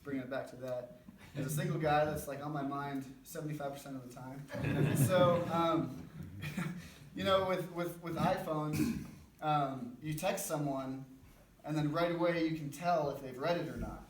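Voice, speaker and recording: At a men's breakfast in a church gathering room, a young man delivers a casual, conversational sermon in a self-deprecating way. His voice is fairly high and steady at normal speed, and the roomy, distant-mic recording has faint background noise.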